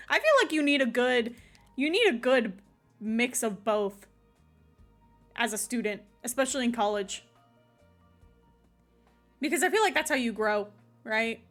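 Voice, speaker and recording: A woman's voice: fairly high pitch, lively intonation, moderate pace, long pauses, fairly bright tone, faint music behind. A woman streamer chatting casually over a game and talking to her cat.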